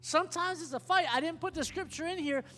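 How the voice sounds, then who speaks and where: Here the preacher is a fast-talking man whose pitch is extremely high, and he preaches emphatically, again and again asking the congregation if they can hear him. Behind the long hall reverb, a guitar plays softly.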